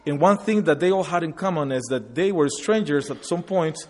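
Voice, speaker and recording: A man with a slightly high, darkish voice speaks briskly as he tells of his migration in a hall with long reverb. He is from Guatemala, in his forties, a first-language Spanish speaker. Using slides, he gives an earnest, reflective testimony.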